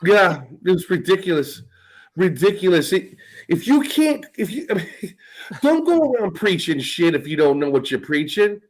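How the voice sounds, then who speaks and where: An American man hosts a podcast, chatting casually in a rambling, profane way and laughing often. His voice is high and very animated at a normal speed, and the recording quality is low.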